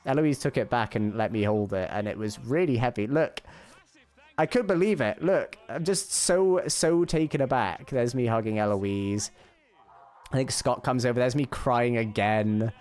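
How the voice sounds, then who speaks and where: A man streaming a casual recap, talking in an excited, emotional, rambling way, full of restarts. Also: medium pitch, moderate pace.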